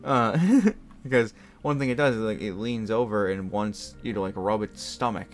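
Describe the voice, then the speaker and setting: A man's voice: lowish voice, moderate pace, faint music behind. Rambling young man telling a story. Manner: rambling, laughs often, many fillers. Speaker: gaming video host. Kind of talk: casual storytelling while playing a game.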